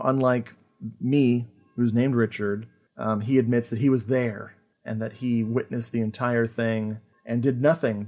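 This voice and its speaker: A man hosting a podcast, chatting casually about an old film, animated and full of fillers and laughter. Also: mid-range voice. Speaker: podcast host. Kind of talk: casual film review chat.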